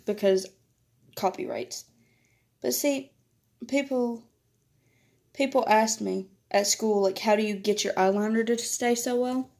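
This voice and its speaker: A teen girl makes a casual vlog of her makeup routine, sharing stories at a measured pace broken by long pauses. Her tone is a little mellow, she laughs often, and she voices others' words higher than her own.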